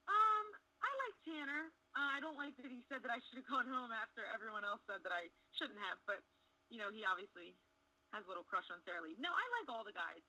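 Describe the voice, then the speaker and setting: A woman's voice: mid-range voice, pushed and bright, low-quality recording. A young woman chatting frankly and bluntly as an interview guest. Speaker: interview guest, wrestling contestant. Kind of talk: casual interview chat.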